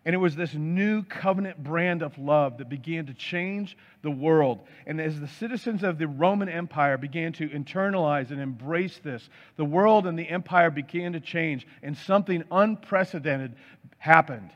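Pastor, man, slightly high voice, emphatic sermon delivery, muffled audio with long hall echo. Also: normal speed, hardly any pauses. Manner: emphatic preaching with piled-up word lists. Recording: dull sound with long hall reverb.

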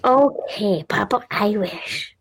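A woman's voice: medium pitch, lively intonation, takes it slowly, husky. A woman co-hosting a podcast in casual chat, making teasing, dry remarks. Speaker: podcast co-host.

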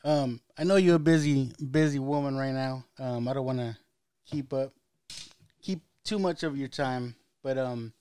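A man's voice: mid-range voice, moderate pace, mellow, smooth. A man hosting a podcast interview, easygoing and casual, with frequent hesitant ums between his questions. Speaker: podcast host.

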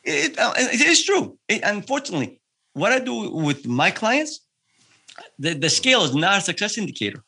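A man working as a health coach, explaining his approach in a podcast interview, lively and full of examples. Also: high voice, moderate pace, gravelly, breathy edge.

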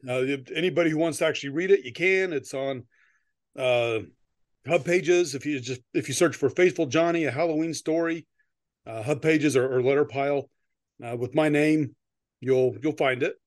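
A man's voice: a little high, normal speed, no room sound, clean studio sound. A middle-aged man co-hosting a podcast, chatting in a rambling way with many restarts and frequent laughs, then reading a story aloud. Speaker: podcast co-host. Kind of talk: casual chat and story reading. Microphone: close podcast mic.

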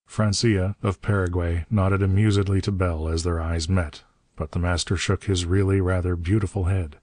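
Deep-voiced man narrating an audiobook. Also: fairly even intonation, moderate pace, darkish tone, no room sound.

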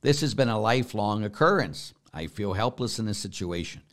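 A man's voice: lowish voice, animated, fairly quick. A man, a Catholic priest, chatting casually as he reads out viewer questions and answers them, guiding listeners through a meditation step by step. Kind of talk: casual spiritual Q&A, reading questions aloud.

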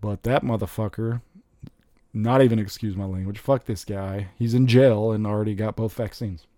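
A man in casual chat, rambling and excitable, swearing freely as he talks about movies. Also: fairly low pitch, normal speed, dry recording, studio quality. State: recently recovered from covid.

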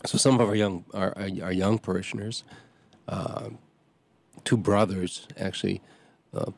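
A middle-aged man, a parish priest hosting a show, talking casually in a halting way with many restarts and fillers. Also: sits low, fairly even intonation, gravelly. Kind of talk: casual talk.

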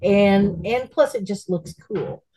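A woman's voice: mid-range voice, slow pace, mellow, breathy edge, rough recording. A woman chatting casually as a podcast co-host, caring and rambling. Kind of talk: casual chat.

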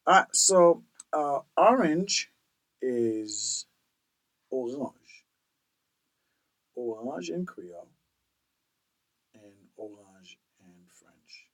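A man hosts a casual language-lesson podcast at an unhurried pace. His pitch moves around a lot as he says each word several times. He keeps asking "all right?" to check in with the listener. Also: very animated, rough recording. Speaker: podcast host teaching language.

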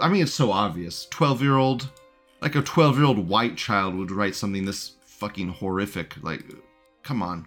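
A man's voice: fairly low pitch, fairly bright tone. A man hosting a live show, rambling in casual commentary, laughing often and repeating himself. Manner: reads out chat messages in a mocking tone.

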